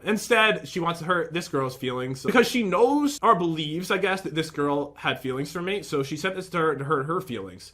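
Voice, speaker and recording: A man's voice: on the high side, lively intonation, brisk, hardly any pauses, pushed and bright. A young man in casual commentary, rambling and aggrieved as he reads out and picks apart messages from an ex. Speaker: vlogger.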